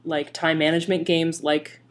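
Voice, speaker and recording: A woman co-hosting a podcast, chatting casually in an animated, self-mocking way. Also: low-pitched, moderate pace, crowd noise. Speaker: podcast co-host. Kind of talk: casual chat.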